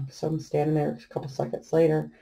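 A woman's voice: sits low, normal speed, gravelly. A middle-aged woman vlogging while she crafts, chatting through a funny family story with frequent laughter. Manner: chatty storyteller, laughs often, animated retelling. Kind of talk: casual anecdote while crafting.

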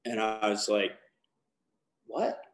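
A man's voice: medium pitch, fairly even intonation, normal speed, roomy sound. A man from Baltimore giving a candid personal testimony as a guest speaker, talking in a rambling way with many fillers and restarts. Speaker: guest speaker, lacrosse coach.

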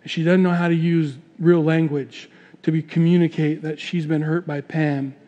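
A middle-aged man preaching a sermon in a church, telling stories with lively voices for the people in them. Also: on the high side, normal speed, big-room sound, muffled recording. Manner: animated storytelling, voices the people in his examples. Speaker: pastor. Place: church sanctuary.

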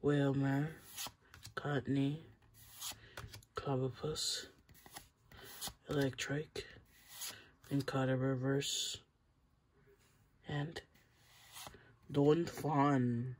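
A channel host opens trading cards and chats casually with the viewers, bursting into excitement whenever a good pull turns up. His medium-pitched voice is very slow with frequent pauses, over slight background noise.

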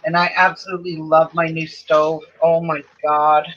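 With a low voice and flat delivery at normal speed, this woman hosts a quilting channel's relaxed live-stream chat from inside her home. She rambles, repeatedly restarting and trailing off. Faint noise runs through the dull, lo-fi recording.

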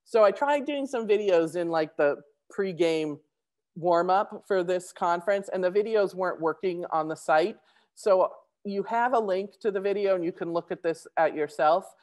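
A woman giving a conference presentation, talking fast with many restarts and fillers. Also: fairly low pitch, darkish tone.

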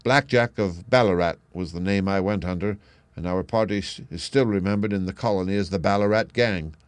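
A weary old man near death, guilt-ridden and confessing slowly and heavily, as a male reader voices him. The voice sits fairly low and sounds close and dry. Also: smooth, no echo, natural voice. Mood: grave. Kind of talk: audiobook reading.

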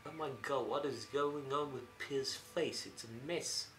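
A man's voice: mid-range voice, measured pace, fairly bright tone, reverberant, slight background noise. A young man giving game commentary as a host, joking around, swearing and laughing often. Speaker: let's play host.

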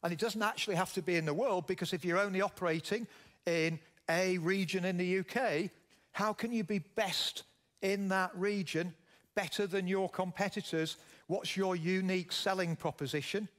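A middle-aged man with a Yorkshire accent gives a keynote speech from a conference stage. His voice sits a little high for a man. He talks in a storytelling way and often turns to the audience with questions. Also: steady tone, normal speed, a bit bright. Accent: Yorkshire English. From Yorkshire, England. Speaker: keynote speaker, business founder.

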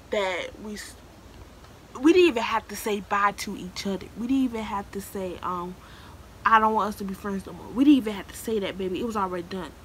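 A late-teen vlogger with a medium-pitched, slightly bright voice gives casual advice to new students straight to the camera. She is emphatic and preachy, repeating herself for emphasis and repeatedly calling the viewer "baby." The recording is rough with slight background noise.

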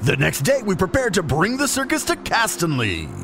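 A man reading out patron thanks and a session recap for a tabletop game podcast in a brisk, matter-of-fact way. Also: sits high, wildly swooping pitch, background noise. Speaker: podcast host and player.

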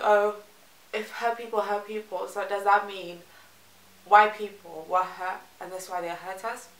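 Slow, bright-voiced rambling woman vlogger. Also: mid-range voice. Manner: rambling, chatty, laughs between phrases. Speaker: reaction vlogger. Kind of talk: casual reaction chat. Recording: roomy echo with music faintly behind.

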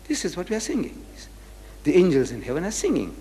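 A man's voice: fairly high pitch, wildly swooping pitch, fast talker, vocal fry, darkish tone, big-room sound. A man giving a live lecture to an audience. He speaks emphatically, throws rhetorical questions at the crowd, spells out words and chants phrases. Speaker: public lecturer.

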